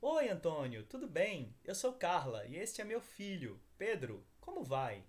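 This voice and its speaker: A man's voice: on the high side, big pitch swings, normal speed, voice pushed up. A man reading a textbook dialog, voicing Carla, a Brazilian woman traveler, in a slightly raised voice. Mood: friendly.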